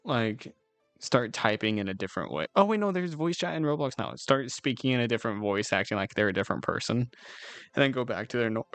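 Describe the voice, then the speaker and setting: A man's voice: medium pitch, lively intonation, fairly quick, fairly bright tone, no room sound, soft background music. A man streaming and chatting casually with his viewers, rambling in a laid-back way, swearing now and then and giggling often. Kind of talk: casual chat with live chat.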